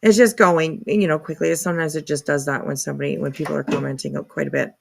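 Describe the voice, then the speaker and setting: A woman's voice: low-pitched, fairly even intonation, quick pace, gravelly, a little hiss or hum. A woman hosting a casual livestream, chatting and reacting to comments in an apologetic, talkative way, with casual swearing. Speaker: livestream host.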